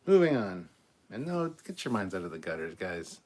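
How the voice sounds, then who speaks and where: Blunt, low-voiced man hosting a live chat. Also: sing-song, normal speed, darkish tone. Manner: blunt and opinionated, swears casually; frequent stumbles and throat-clearing. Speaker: host of a live show. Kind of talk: casual live-stream chat, reading viewer comments aloud.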